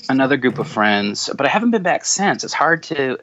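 A man guesting on a podcast, chatting easily and telling stories in an animated way. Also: mid-range voice, fairly quick, muffled recording, slight background noise. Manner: easygoing, animated storytelling, laughs often. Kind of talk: casual podcast chat.

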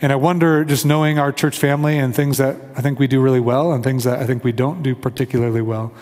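A man's voice: mid-range voice, steady tone, fast, darkish tone, in a large hall. A man from the Kansas City area, preaching a conversational sermon and leading prayer as pastor. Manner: earnest, conversational, acts out quoted voices. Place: church sanctuary.

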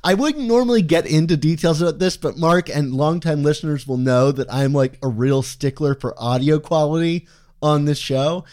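A man's voice: a little high, normal speed, darkish tone. A man co-hosting a fan podcast, chatting in a playful, wordy, self-deprecating way, his S sounds a little heavy. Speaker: podcast co-host. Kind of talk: casual podcast chat.

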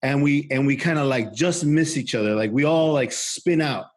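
Speaking at a moderate pace in a medium-pitched voice, the podcast co-host winds through a casual, profanity-laced tale. He keeps restarting and fills the story with filler words.

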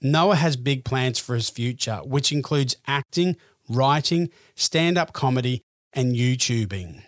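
A man hosting a podcast, reading a scripted narration in an earnest, measured way. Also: medium pitch, lively intonation, dry recording, studio quality. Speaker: podcast host.

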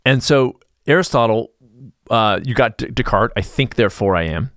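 Middle-aged male podcast host, sarcastic rambler, mid-pitched, dead-dry small studio. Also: lively intonation, normal speed, fairly bright tone, no echo. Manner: rambling, sarcastic, self-interrupting. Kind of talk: casual podcast monologue.

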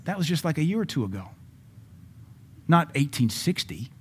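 A man preaching a sermon, dropping to quiet asides and then building to loud peaks, reading scripture slowly with emphasis. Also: on the high side, very animated, husky. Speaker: pastor.

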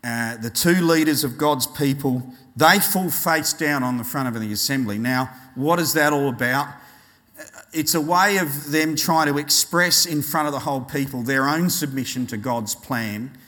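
A man preaching a sermon, telling a personal story and acting out voices with animated delivery. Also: medium pitch, moderate pace, in a large hall. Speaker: pastor.

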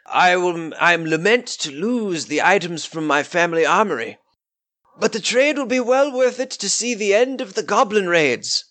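A man's voice: sits high, animated, normal speed, sharp tone, voice pushed up. Man doing a fussy, courteous old nobleman. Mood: genial. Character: polite, fretful aging male nobleman.

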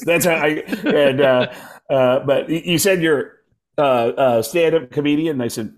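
A comedian guest with a medium-pitched voice and moderate pace tells a story in casual chat. An animated stand-up storyteller, he jumps into different voices as he goes.

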